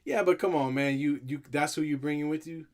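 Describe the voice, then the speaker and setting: A man co-hosting a sports talk show, bantering in an animated, joking, slangy way. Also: a little high, brisk. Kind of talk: casual banter.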